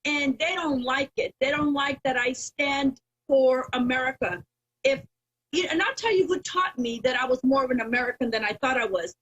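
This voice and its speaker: Guest interviewee: a woman with a Mexican Spanish accent, high and slightly husky, emphatic and proud. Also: moderate pace, fairly bright tone, lo-fi sound. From Texas border town, first generation Mexican. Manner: emphatic and proud, repeats key phrases. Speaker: guest, political activist. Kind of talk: casual interview talk.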